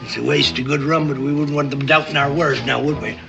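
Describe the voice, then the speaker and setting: An actor playing a gruff, crafty old sea captain who talks in booming, theatrical sailor slang, in a 1960s television drama. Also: male voice, fairly even intonation, fairly quick, close to an everyday voice. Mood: scheming. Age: older. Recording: dull old TV soundtrack with music.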